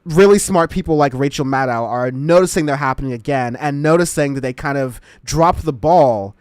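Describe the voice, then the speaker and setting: A man's voice: a little high, normal speed, a little mellow, clean tone, no room sound, studio quality. A man hosting a casual political commentary show, rambling and laughing as he talks. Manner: rambling, laughing, self-interrupting. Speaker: show host.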